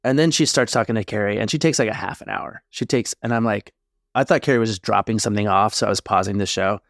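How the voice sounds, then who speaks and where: A man's voice: on the low side, fast, gravelly, no room sound, studio quality. A man co-hosting a relationship podcast, telling a story in rambling casual chat with tangents. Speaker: podcast co-host, therapist.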